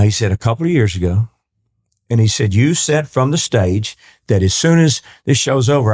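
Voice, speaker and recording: A man's voice: medium pitch, a little mellow. A man from East Texas, a country singer and guest, telling long rambling anecdotes with many restarts and acting out the people he quotes. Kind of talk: storytelling interview talk.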